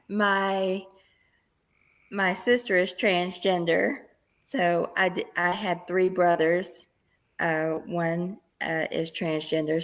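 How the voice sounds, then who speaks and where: A woman with a Kentucky accent, a guest chatting openly and laughing easily in an interview. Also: on the low side. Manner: open, laughs often. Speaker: guest, former wrestler. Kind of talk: casual interview chat.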